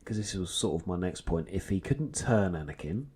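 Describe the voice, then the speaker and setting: A man's voice: deep voice, expressive, moderate pace, dark tone, husky. A man co-hosting a podcast, chatting casually and playing out what-if scenarios with many restarts. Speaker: podcast co-host. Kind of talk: casual chat.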